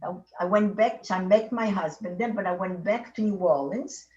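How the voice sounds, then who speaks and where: Speaking at normal speed in a mid-range voice with a darkish tone, this woman in her eighties, a Holocaust survivor, tells her life story in accented English, wandering, repeating and restarting her sentences. The recording comes across dull, echoey and distant.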